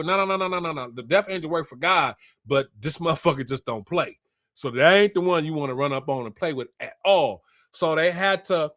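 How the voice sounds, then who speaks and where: A man retelling a scripture story in a casual, profane and animated way, acting out the people in it. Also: a little high, no room sound, studio quality. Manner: animated, profane, slangy, acts out quotes. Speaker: spiritual commentator.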